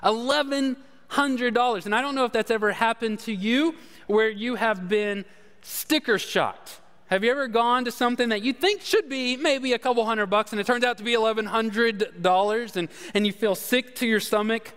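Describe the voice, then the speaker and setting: A man's voice: very high voice, normal speed, a bit bright, smooth. A man preaching, telling a folksy, self-deprecating story with many fillers and "all right?" asides. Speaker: pastor. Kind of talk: sermon storytelling. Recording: long hall reverb.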